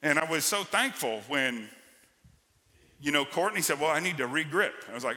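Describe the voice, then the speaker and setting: A man's voice: a little high, lively intonation, moderate pace, pushed and bright. A male pastor preaching a sermon, telling personal stories in a conversational, emphatic way. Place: church sanctuary. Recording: church hall with long reverb.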